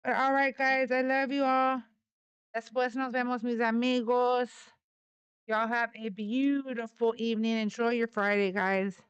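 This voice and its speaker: Slow-talking, clear-voiced woman livestreamer. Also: a little high, flat delivery, no room sound, muffled recording. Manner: affectionate baby talk to her dogs, laughing often. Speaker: livestream host. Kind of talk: casual livestream chat.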